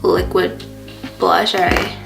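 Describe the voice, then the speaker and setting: A woman's voice: fairly low pitch, flat delivery, drawn-out words, vocal fry. A young adult woman vlogger telling a casual storytime while doing her makeup, chatty, full of fillers and swearing freely. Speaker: beauty vlogger. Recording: roomy sound with faint background music.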